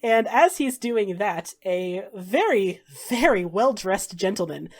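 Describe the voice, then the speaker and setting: A woman's voice: medium pitch, expressive, takes it slowly. A woman narrating as game master in a casual, chatty way.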